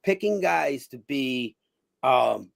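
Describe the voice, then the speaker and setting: A man's voice: medium pitch, lively intonation, slow, vocal fry. A man, a guest telling rambling stories in a casual interview, full of "you know" and acted-out voices. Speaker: guest, former boxer.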